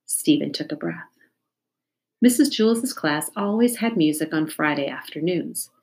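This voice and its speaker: A woman calmly reading a children's chapter book aloud as narrator. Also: low-pitched, unhurried.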